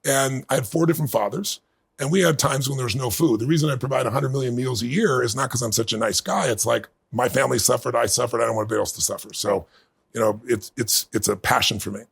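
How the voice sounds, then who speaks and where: A middle-aged man being interviewed, telling a personal story in earnest and building to bursts of excitement. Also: mid-range voice, fast talker. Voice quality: gravelly, husky. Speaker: guest.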